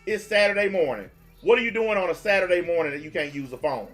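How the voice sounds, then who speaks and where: A high-pitched man in his forties hosts a livestream and rants at his audience in a blunt, profane, confrontational way. He mocks and scolds as he goes, and faint music plays underneath his voice. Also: lively intonation, fairly quick, a bit bright. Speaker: livestream host taking calls.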